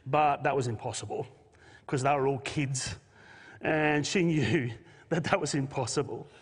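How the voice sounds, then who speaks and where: A man's voice: mid-range voice, a little slow, slightly rough. A man preaching an earnest, emotional Christmas sermon and reading a story aloud. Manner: earnest, emotional, with restarts and shifting emphasis. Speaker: pastor. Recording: long hall reverb.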